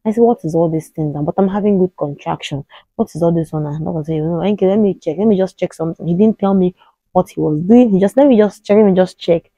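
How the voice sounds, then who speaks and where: A woman's voice: fairly low pitch, quick pace, breathy edge, no room sound, highs cut off. Nigerian woman in her thirties telling a story. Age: 30s. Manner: animated, acts out the voices of people in her story. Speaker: vlogger. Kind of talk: casual storytelling to camera.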